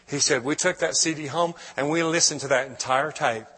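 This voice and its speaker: A man's voice: on the high side, brisk, sharp tone, breathy edge. Emotional man preaching in a hall. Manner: emotional, storytelling, with frequent restarts. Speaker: guest preacher. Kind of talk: sermon testimony. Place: church. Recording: long hall reverb.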